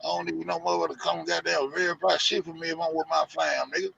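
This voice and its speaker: Profane ranting man, gravelly and bright. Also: a little high, fairly even intonation, fast, slight background noise. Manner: loud, profane, heavy slang, mocking. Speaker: show host. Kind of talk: profane rant to an online audience. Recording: muffled lo-fi audio.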